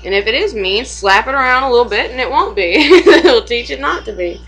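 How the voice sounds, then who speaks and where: A woman's voice: on the high side, lively intonation, fairly quick, fairly bright tone, husky, rough recording. A young woman and mother chatting casually at home for a vlog, rambling, swearing freely and laughing often.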